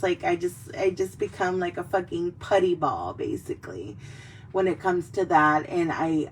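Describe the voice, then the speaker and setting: A woman's voice: lowish voice, vocal fry. Rambling, foul-mouthed young woman host. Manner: rambling, swears freely, heartfelt. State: tearful in places. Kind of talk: casual chat while drinking. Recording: mic a bit distant, faint background noise.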